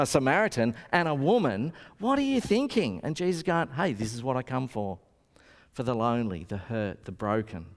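A man preaching a sermon, telling stories and acting out the voices of the people in them. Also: fairly high pitch. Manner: storytelling, acting out the people he quotes. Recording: long reverb of a hall.

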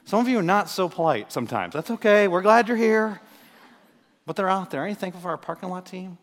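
A man's voice: high voice, animated, fast talker. A man preaching a sermon as pastor, talking conversationally and with energy to his congregation in a church. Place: church sanctuary. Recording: long hall reverb.

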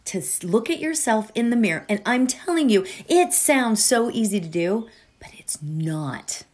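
Her voice is a little high and sing-song, at a normal speed. A middle-aged podcast host, she chats warmly and casually, with many fillers and tangents, before leading her listeners in meditation.

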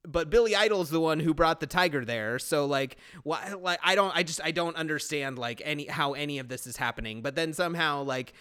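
Animated man recapping a movie. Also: fairly high pitch, a little fast, few pauses, clean tone. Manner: animated, swearing, rambling with restarts. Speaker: podcast co-host. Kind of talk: casual chat recapping a movie.

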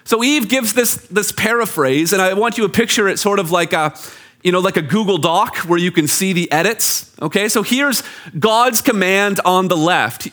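A man preaching a sermon from Canada, animated and explaining scripture with everyday examples. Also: sits high, moderate pace. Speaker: pastor. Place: church.

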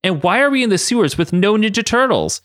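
A man voicing an impatient, sharp-tongued young woman in a comic story he reads aloud. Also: high voice, very animated, quick pace, no echo, clean studio sound, pitched above the performer's own voice. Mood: exasperated.

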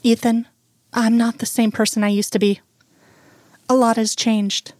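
A reserved young woman, voiced by a woman narrator, gentle and guarded, who picks her words carefully and apologizes softly. The voice is a touch lifted above the narrator's own. The recording is dry and close, like a storybook audiobook. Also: fairly high pitch, flat delivery, no room sound, lightly acted. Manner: measured, apologetic.

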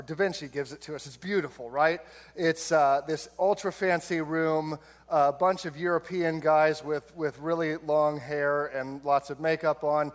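A man preaching a sermon, telling the story with humor and playful put-on voices for the characters. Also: on the high side. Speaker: pastor.

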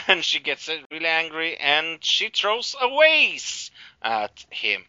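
A man recapping a show in casual chat, halting, with many fillers and acted-out quotes. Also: a little high, wildly swooping pitch, bright, forceful tone, no room sound, highs cut off. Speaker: podcast co-host recapping a show.

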